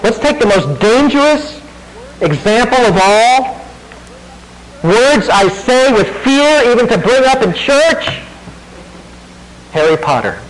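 Lively-pitched male pastor preaching conversationally. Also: slow, slight background noise, low-quality recording. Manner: conversational preaching with rhetorical questions and self-deprecating laughs. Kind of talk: sermon.

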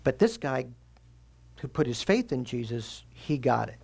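A man preaching a sermon as pastor, teaching earnestly and slowing down to stress key phrases. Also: mid-range voice, sing-song, gravelly, a little mellow, slightly rough.

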